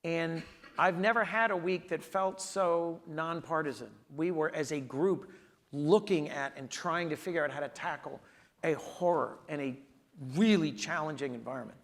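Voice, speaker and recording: A man's voice: a little high, normal speed. A man in his sixties, a senator speaking as the guest in an onstage conversation, telling earnest stories with emphatic delivery.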